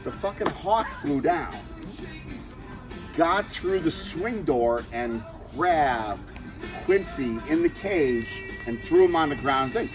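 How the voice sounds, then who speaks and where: Man, high voice, lively swinging pitch, casual rambling storytelling, swears a lot. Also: slow pace, over music, rough recording. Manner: rambling, animated, swears freely.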